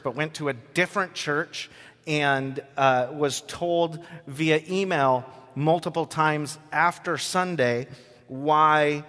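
A man gives a podcast sermon, talking loosely with frequent fillers and reading scripture aloud between comments. His voice sits a little high for a man. The recording carries a long, lingering reverb. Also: pushed and bright. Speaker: pastor.

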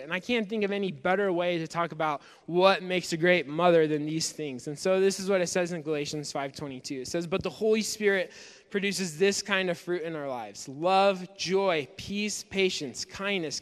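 Male pastor, high smooth voice, chatty sermon delivery, echoing church hall. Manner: conversational preaching with frequent fillers, acting out inner voices. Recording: long reverb of a large room.

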